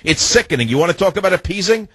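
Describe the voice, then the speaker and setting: A male talk radio host with a husky, slightly rough voice and a dry, close studio sound. He rants and mocks with a combative edge. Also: sits high, expressive, fast talker, fairly bright tone, no room sound. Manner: ranting, scornful, mocking, cuts callers off.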